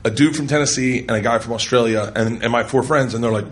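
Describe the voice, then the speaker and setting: A man doing stand-up storytelling on a comedy club stage, loud and animated, laughing as he tells it. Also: mid-range voice, fast. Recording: loud noisy live recording.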